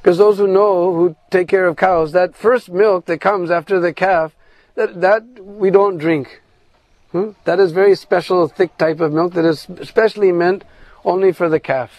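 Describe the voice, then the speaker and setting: A man tells a devotional story to listeners at an unhurried pace. His voice sits high, and he checks in with "hmm?" between phrases. The recording is dry and close. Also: steady tone, no room sound, lo-fi sound.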